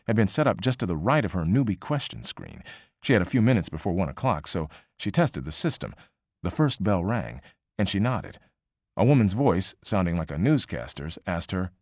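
A man with a lowish voice narrates fiction in a measured, expressive reading, his pitch rising and falling with animation. The recording is dry and close to the mic, with no room echo. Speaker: audiobook narrator. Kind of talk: scripted narration.

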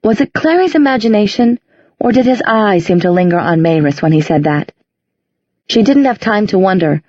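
A woman narrating an audiobook in a measured storytelling voice. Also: on the low side, expressive, a little mellow, no echo, highs cut off. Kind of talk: audiobook reading.

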